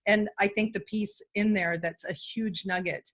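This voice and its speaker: A woman co-hosting a podcast, a little hoarse from a cold, chatting in an enthusiastic, talkative way. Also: medium pitch, steady tone, normal speed, a bit bright. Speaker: podcast co-host. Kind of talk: casual interview chat.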